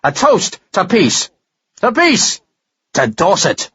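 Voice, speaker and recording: A man reading an audiobook, voicing a jubilant army captain who shouts his news in a husky, high, lively voice. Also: slow, no room sound, lo-fi sound, heavily acted. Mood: toasting. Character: jubilant male army captain, boisterous friend.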